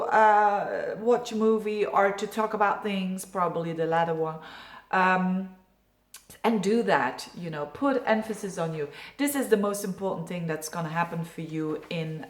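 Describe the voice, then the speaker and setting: A woman's voice: on the low side, echoey room. A woman from Belgium, an astrologer, giving a yearly horoscope forecast in a chatty, reassuring way with many fillers. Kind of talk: casual horoscope video.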